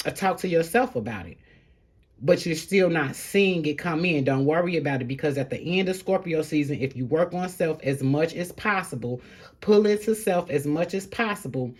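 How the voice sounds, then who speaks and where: A woman's voice: sits low, expressive, moderate pace, slightly rough. A woman giving a casual, spiritual tarot reading to camera, heartfelt and encouraging, rambling with fillers as she speaks straight to her viewers. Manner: encouraging, addresses viewers directly. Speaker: tarot reader.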